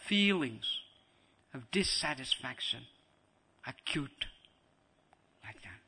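A man's voice: mid-range voice, slightly rough. A man giving a devotional lecture as a spiritual teacher, repeating phrases for emphasis and acting out scenes. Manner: animated, acts out scenes.

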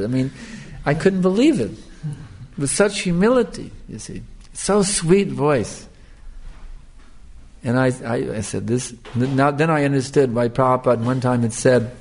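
Older male preacher, mid-pitched, earnest storytelling talk. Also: lively intonation, unhurried, a little mellow. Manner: earnest, storytelling, repeats himself with restarts. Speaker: devotional speaker. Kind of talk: sermon with personal stories.

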